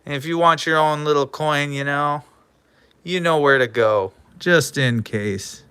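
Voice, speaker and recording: A man's voice: fairly high pitch, a little slow, pushed and bright, smooth, no echo. A man rambling through a casual live stream, joking and tripping over his words as he talks to a coin like it's a person.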